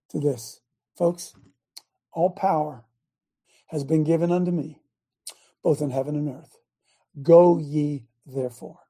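A male host who preaches with force, quoting scripture and stopping a clip to drive his point home. His voice is gravelly and husky. He talks in an emphatic, urgent manner. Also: fairly high pitch. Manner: emphatic, quotes scripture, bursts into shouts. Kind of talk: preaching commentary over a played clip.

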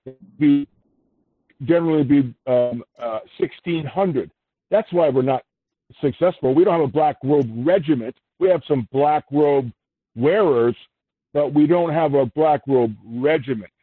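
A man's voice: fairly high pitch, measured pace, breathy edge, dry recording. A male caller sharing a hesitant, musing thought on a call-in show. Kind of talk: call-in comment. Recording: dry phone line.

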